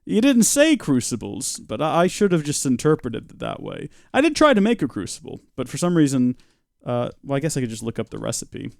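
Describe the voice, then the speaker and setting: This young streamer's pitch swings wildly as he talks fairly fast, his creaky, slightly mellow voice captured dry and clean in a studio. He plays a game while offering playful commentary, chatting with viewers and slipping into silly high voices.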